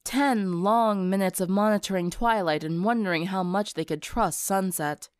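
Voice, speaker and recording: A woman narrating a story for an audiobook in an expressive storytelling manner. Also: medium pitch, normal speed, dry recording, clean studio sound. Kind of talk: audiobook narration of fan fiction.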